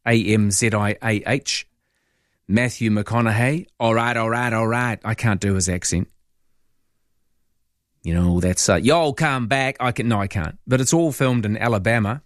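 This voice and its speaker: A man's voice: fairly low pitch, no echo, studio quality. Chatty New Zealand radio host man. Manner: chatty, rambling, asides to listeners. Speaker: overnight talk radio host. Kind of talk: casual call-in radio chat. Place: radio studio. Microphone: studio microphone.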